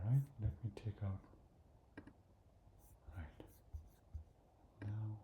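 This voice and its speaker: Extremely slow and warm, with fairly even intonation and frequent pauses, a man with a fairly low voice guides a screen-recorded design tutorial in an echoey room with slight background noise. He thinks aloud hesitantly, full of fillers and restarts, often dropping to a mutter or whisper.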